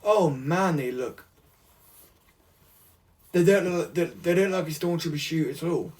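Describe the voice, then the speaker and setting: Male vlogger, rambling chatty unboxing talk, slightly raised pitch, faint hiss behind. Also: unhurried. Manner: chatty, rambling, easily excited. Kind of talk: casual unboxing vlog.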